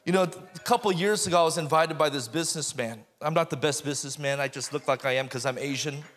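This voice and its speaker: A man telling a lively testimony story on a ministry panel, laughing and raising his voice at the punchlines. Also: on the high side, quick pace, in a large hall.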